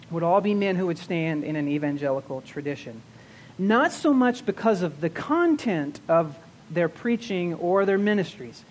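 A male pastor teaching a sermon, restarting and repeating words as he goes, slowing down to stress key terms. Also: fairly high pitch, darkish tone, a little hiss or hum.

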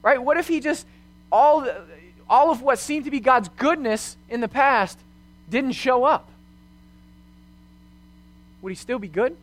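A young man with a notably high voice delivers a sermon as a youth pastor. He speaks earnestly, weaving personal stories and rhetorical questions into his teaching. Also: a little slow, long pauses.

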